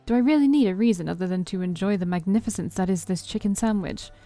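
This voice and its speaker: A woman's voice: mid-range voice, fast, mellow, faint music behind. A woman reading a story game aloud in first person, playful, with her own asides. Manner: playful, with side comments. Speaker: let's play streamer.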